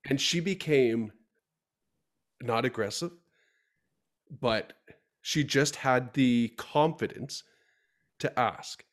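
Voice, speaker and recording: A man's voice: mid-range voice, slow pace, long pauses. A middle-aged man hosting a podcast, telling stories in a chatty way and acting out his own dialogue. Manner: chatty storyteller, acts out quoted dialogue. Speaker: podcast host. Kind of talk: casual podcast conversation.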